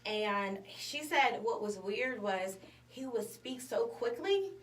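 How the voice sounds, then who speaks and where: Female morning host, chatty storyteller, higher voice, roomy echo, a bit off-mic. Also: animated, takes it slowly, fairly bright tone. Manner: storytelling, chatty, lots of fillers. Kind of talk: casual chat. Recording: echoey room, mic at a distance, faint noise.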